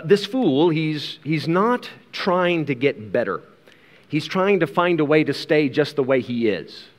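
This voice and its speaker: Earnest male preacher in a reverberant hall. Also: on the high side. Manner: earnest, asks rhetorical questions, repeats words. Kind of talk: expository Bible sermon.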